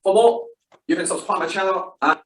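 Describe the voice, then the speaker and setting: A man's voice: high voice, a little fast, a bit bright, a little hiss or hum. A man presenting a recorded pronunciation tutorial, saying each word and then contrasting it with its wrong form. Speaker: video presenter. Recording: distant roomy video playback.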